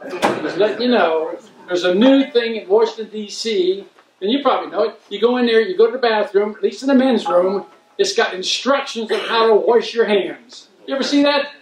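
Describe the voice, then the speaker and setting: Rambling comedian in an echoey hall. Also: male voice, high-pitched, normal speed. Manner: rambling, self-mocking jokes. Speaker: stand-up comedian. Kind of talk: stand-up comedy set. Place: community event room. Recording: roomy hall, mic heard from a distance.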